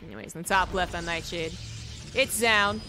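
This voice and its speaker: A young Canadian man with a General American accent casts a strategy game live, trading sarcastic jokes with his chat as an esports caster. His voice sits high and moves at a moderate pace over music.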